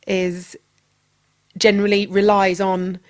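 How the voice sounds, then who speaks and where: A woman co-hosts a casual podcast chat and speaks slowly and deliberately. Her replies come out dry and measured, patient even while she is being teased. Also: mid-range voice. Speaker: podcast co-host. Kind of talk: casual chat, album review.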